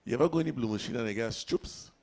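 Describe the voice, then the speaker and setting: A man co-hosts in easy, teasing banter. His voice sits at an ordinary male pitch. Clear noise runs under the stream. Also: racing. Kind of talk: casual on-air banter.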